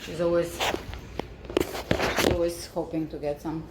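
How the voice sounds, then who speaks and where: Woman home baker, low-pitched, eager and chatty, echoey kitchen with faint background noise. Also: flat delivery, a little slow. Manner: enthusiastic, chatty, tasting as she talks. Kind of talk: casual cooking vlog.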